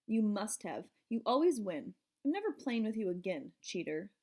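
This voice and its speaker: A woman reading aloud voices an angry, tearful schoolgirl who shouts accusations in a storybook. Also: big pitch swings, moderate pace. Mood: accusing. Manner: shrill shouting.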